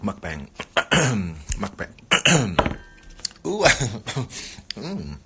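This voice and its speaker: Man, livestream host, playful rambling chat, lower voice, swooping pitch. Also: sing-song, extremely slow, noisy background. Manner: playful, rambling, repeatedly mutters catchphrases. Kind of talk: casual livestream chat while eating.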